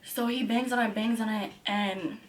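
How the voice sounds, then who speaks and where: A woman's voice: a little high, moderate pace, a little hiss or hum. A young woman telling a story on her vlog with lots of swearing, acting out what people said in raised voices. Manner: animated, profanity-heavy storytelling; acts out quotes in a raised voice. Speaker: vlogger.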